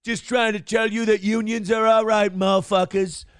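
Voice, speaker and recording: A man's voice: high-pitched, level tone, normal speed, clean tone, no room sound, studio quality, natural voice. A man mimicking a brash older male politician slipping into exaggerated street slang. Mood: mocking.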